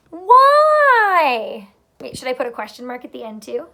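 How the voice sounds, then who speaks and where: A woman teacher giving a phonics lesson to young children, speaking slowly and clearly in a sing-song, playful way. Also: a little high, fairly even intonation.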